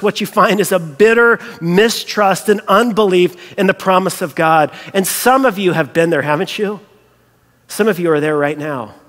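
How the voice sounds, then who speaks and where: A man preaching a sermon as a pastor, animated and storytelling, acting out the voices he quotes. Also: sits high, big-room sound.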